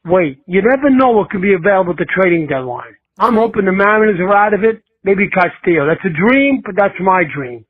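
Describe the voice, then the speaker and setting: An older man calling into a fan show, laying out a measured, cautious opinion. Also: high-pitched, animated, breathy edge. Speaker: caller. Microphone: phone. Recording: tinny phone line.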